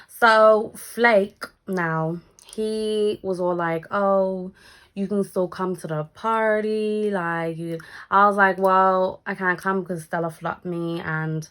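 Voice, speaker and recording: Young woman, storytime vlogger, animated delivery, fairly low voice. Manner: animated, acts out quoted lines, swears casually. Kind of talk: casual storytelling vlog.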